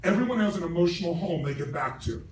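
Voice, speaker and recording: A middle-aged man giving a live seminar speech to a large audience, forceful and profane, asking the crowd questions. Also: fairly high pitch, lively intonation, quick pace. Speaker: motivational speaker. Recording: roomy stage recording from far off, noisy.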